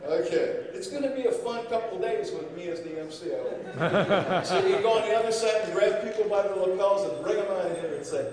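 High-voiced joking emcee in echoey hall. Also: male voice, a little fast, a crowd in the background. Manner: joking and digressive, repeats words. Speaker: master of ceremonies. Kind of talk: humorous conference speech. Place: large event room. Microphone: podium microphone. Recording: echoey hall, voice far from mic.

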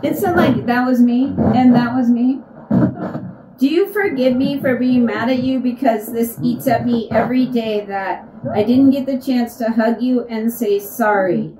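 A woman's voice: fairly high pitch, a little slow, dark tone. Earnest woman in an echoey room. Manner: earnest, asks questions aloud and repeats heard phrases. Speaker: paranormal investigator. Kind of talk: spirit box session narration. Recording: echoey, distant, noisy room.

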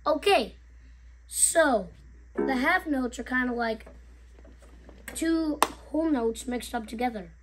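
Slow, high-voiced young woman teaching notes. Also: lively intonation, over music. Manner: slow, halting explaining with sung note names. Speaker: music teacher. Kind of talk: home video music lesson.

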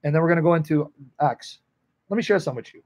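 A man's voice: fairly high pitch, rapid-fire, a little mellow. A man teaching the Bible on a livestream, earnest and emotional, answering viewers in the chat by name.

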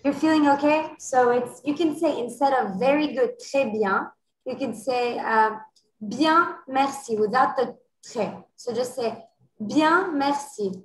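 A woman teaching an online French class to children, encouraging them and modeling phrases slowly and clearly over a video call. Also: high voice, roomy sound, low-quality recording.

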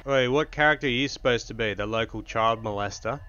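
A young man hosting crude, sarcastic gameplay commentary, mocking other players with deadpan jokes. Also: medium pitch, brisk, highs cut off, over loud music. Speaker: gaming video host.

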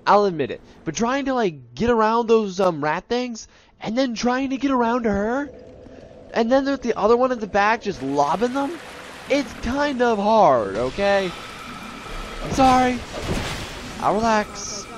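An excitable man talks through a video game in a high, lively voice that leaps up sharply whenever he gets hit. He mocks himself and groans at his failures. The recording carries a clear layer of background noise. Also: a little slow. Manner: excitable, yelps and groans at deaths, self-mocking. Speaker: gameplay commentator. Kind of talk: let's play commentary.

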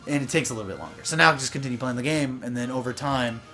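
A young man co-hosting a video game playthrough, joking crudely and breaking into shouts and laughter. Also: mid-range voice, rapid-fire. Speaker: let's play co-host. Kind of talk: casual gaming banter.

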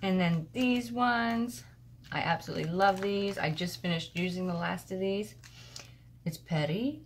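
A woman at her home craft desk chatting casually and excitedly as she shows off mail she received, picked up by a camera on the desk. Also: medium pitch, a little slow, a little hiss or hum. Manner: gushing, excitable, rambling. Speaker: crafting vlogger.

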